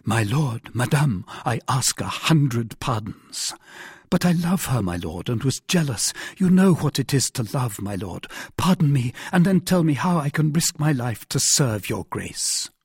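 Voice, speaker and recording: A man's voice: medium pitch, very animated, a little slow, husky, no echo, studio quality, full character voice. A man voicing a proud, hot-headed young swordsman who pleads earnestly. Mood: apologetic.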